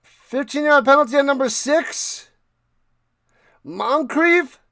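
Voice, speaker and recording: A man streaming live play-by-play of a football game, chatting casually with viewers and getting loud on big plays, with a tickle in his throat. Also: extremely high pitch, no room sound, clean studio sound. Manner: thanks chat viewers by name between game calls; rises loud and fast calling big plays. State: clearing his throat and coughing.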